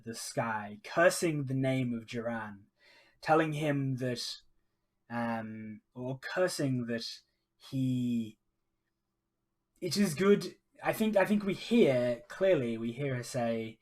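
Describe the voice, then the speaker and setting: A man's voice: mid-range voice, animated, takes it slowly. A man narrating his solo tabletop role-playing game on a live stream, casual and hesitant, chatting with viewers. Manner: casual and hesitant, many ums, talks to chat.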